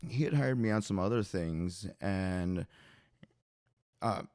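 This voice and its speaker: A man's voice: low voice, takes it slowly, darkish tone, no room sound, clean studio sound. A man, a guest drummer, talking casually with frequent hesitations and restarts. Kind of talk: casual conversation.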